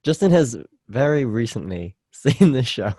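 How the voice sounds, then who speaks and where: A man's voice: medium pitch, big pitch swings, measured pace, warm tone, dry recording. Guy cohosting a podcast, chatty n teasing, dry close mic, voice jumps around a lot. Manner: teasing, chatty, lots of fillers. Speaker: podcast co-host. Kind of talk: casual chat.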